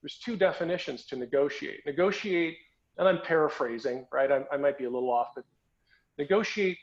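On dull, lo-fi podcast audio, a man with a fairly high voice speaks briskly. He's the host, telling a story in a relaxed, chatty way full of restarts and repeated words.

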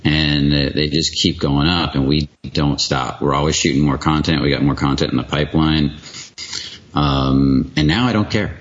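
A man's voice: rumbling low, moderate pace. A man talking frankly as an interview guest, swearing casually and rambling through restarts. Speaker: guest, video creator. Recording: slightly dull lo-fi audio.

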